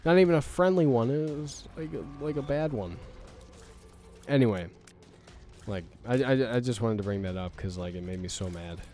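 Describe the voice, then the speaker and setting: Faint music plays behind a young man whose medium-pitched, slightly mellow voice moves at a normal speed. He hosts a gaming channel, and his let's-play commentary turns into an exasperated, rambling rant, full of stammered restarts and constant cursing.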